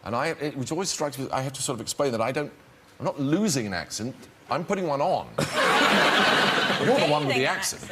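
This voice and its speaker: A man's voice: mid-range voice, expressive, slight background noise. A man, a guest actor telling self-deprecating stories on a talk show with many restarts. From England. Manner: self-deprecating, halting storyteller. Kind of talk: anecdotal talk show chat. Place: TV studio. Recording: TV studio with loud audience.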